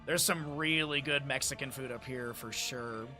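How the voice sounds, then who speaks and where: Over music, a man with a medium-pitched voice talks at a moderate pace while streaming. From the Lake Tahoe area in the United States, he chats casually with viewers, laughing often and reading from a menu aloud.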